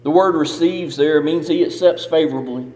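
A pastor preaches a sermon in a church sanctuary with an emphatic, repetitive cadence. His voice leans high and a little mellow, at a moderate pace. The hall adds a long reverb.

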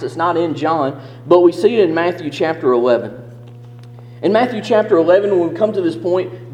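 A man preaching a sermon, reading scripture and explaining it in an earnest, emphatic way, slowing down on key verses. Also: fairly high pitch, a little mellow, slight background noise. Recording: echoey hall with long reverb.

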